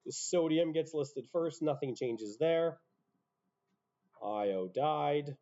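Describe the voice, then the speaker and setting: A man lectures a class on chemistry, walking through each rule step by step and dropping casual asides. His voice sits a little high but sounds mellow and soft-edged. The recording is muffled and lo-fi, as if captured in a classroom. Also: slow pace. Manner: explains step by step, self-interrupting asides. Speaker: high school chemistry teacher.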